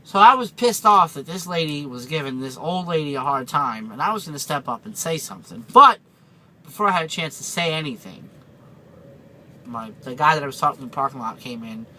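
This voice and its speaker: Male truck driver vlogger, somewhat high, bright voice, rambling casual delivery, faint background noise. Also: animated, fairly quick, low-quality recording. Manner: rambling, chatty, with many fillers and restarts. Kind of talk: casual storytelling vlog.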